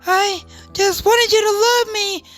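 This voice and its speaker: A woman's voice: extremely high pitch, steady tone, slow, a bit bright, faint music behind, voice pushed up, full character voice. A woman voicing an obsessive, lovestruck young woman with a machete, who stammers and pleads breathlessly. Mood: panicked.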